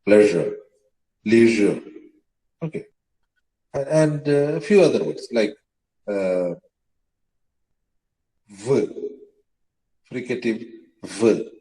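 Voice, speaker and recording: A man's voice: medium pitch, dark tone, roomy sound, low-quality recording. A man lecturing on the history of English pronunciation, hesitating often with fillers and spelling words out letter by letter. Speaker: teacher.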